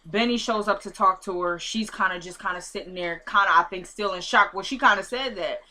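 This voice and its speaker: A woman's voice: mid-range voice, fairly quick, bright, forceful tone. A woman retelling a TV episode in a casual, chatty recap, acting out scenes through quoted dialogue and talking straight to her viewers. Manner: talks straight to viewers, addressing them as y'all.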